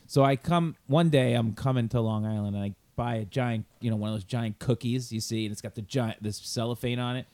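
A man's voice: medium pitch, fairly quick, few pauses, darkish tone. A man hosting a comedy podcast, chatting and laughing as he tells a family anecdote. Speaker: podcast host. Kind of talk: casual podcast chat.

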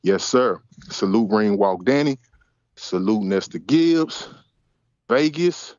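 A man's voice: on the low side, lively intonation, slow pace, darkish tone, no echo, muffled recording. A man co-hosting a boxing podcast, signing off in swaggering, slangy hype talk. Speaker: podcast co-host. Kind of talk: casual podcast sign-off.

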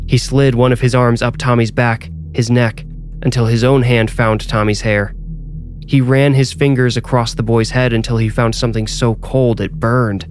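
A man reading a scripted horror story in a measured, suspenseful way. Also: mid-range voice, slight background noise. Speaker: narrator and author.

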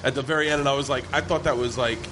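A man's voice: medium pitch, fairly even intonation, rapid-fire. A man, a comedian guest, telling stories in a laid-back, rambling and profane way in a cigar lounge. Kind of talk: casual storytelling chat. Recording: noisy lounge background.

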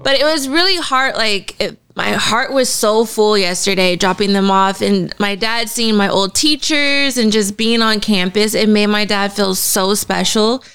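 A woman's voice: medium pitch, a little slow, hardly any pauses, a bit bright, clear, resonant tone. A woman in her thirties co-hosting a podcast, telling a personal story in casual, emotional chat. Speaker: podcast co-host.

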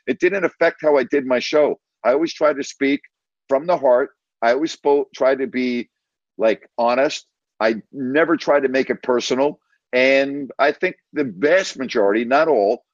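A man's voice: medium pitch, no echo, lo-fi sound. A man who works as a sports radio broadcaster, telling a story as an interview guest and acting out the dialogue of the scenes he recounts. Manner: retells scenes with quoted dialogue. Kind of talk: anecdotal storytelling.

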